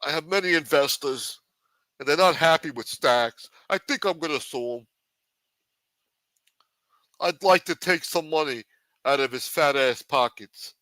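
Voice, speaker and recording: Brash, profane man, bright voice. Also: on the high side, unhurried, long pauses, no room sound. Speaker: livestream show host. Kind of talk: casual livestream chat in a mob boss persona.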